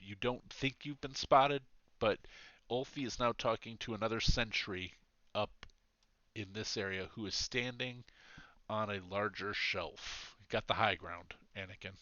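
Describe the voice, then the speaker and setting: A man narrates a tabletop game as its game master, loose and rambling, full of fillers and restarts. His voice is bright and forward. It is recorded dry and close, on a slightly dull mic. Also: on the low side, a little slow, no room sound.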